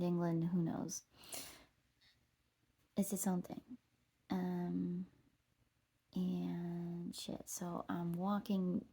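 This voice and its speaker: A woman with a dark, mellow voice full of vocal fry tells a wandering personal story while out on a trail. She talks loosely and casually, drops a curse here and there, and laughs at herself. Her tone stays husky and low-key throughout. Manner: meandering, swears, laughs at herself. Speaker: vlogger. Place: outdoors on a walking trail.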